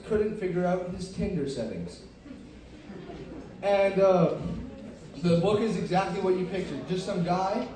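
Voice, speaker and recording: A man's voice: high-pitched, mellow, a little hiss or hum. A young man doing a stand-up comedy set on a club stage, rambling and self-deprecating with many fillers. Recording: roomy, distant live club mic.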